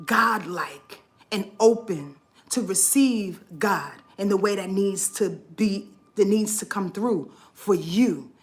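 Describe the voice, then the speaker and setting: Speaking in a mid-range voice, this astrology vlogger wanders through a sincere monologue full of free-flowing profanity. She gets emotional and sometimes sounds on the verge of crying.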